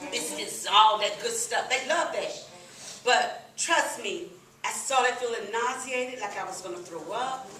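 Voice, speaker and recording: Bright-voiced woman in an echoey room. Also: fairly high pitch, a little slow, slight background noise. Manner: lively, laughing, folksy, addresses crowd as "y'all". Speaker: sales presenter at a business meeting. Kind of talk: animated testimonial to a live audience. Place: meeting room with audience. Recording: echoey room, recorded from a distance.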